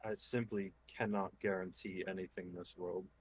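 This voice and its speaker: A man voicing a guarded male adventurer who speaks in a low, unhurried way. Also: level tone, a little hiss or hum, close to an everyday voice. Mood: cool.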